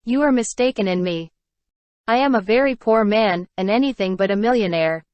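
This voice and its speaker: A woman voicing a calm, courteous elderly gentleman held captive, speaking in a measured way in a storybook reading. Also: medium pitch, no echo, natural voice. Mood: calm polite.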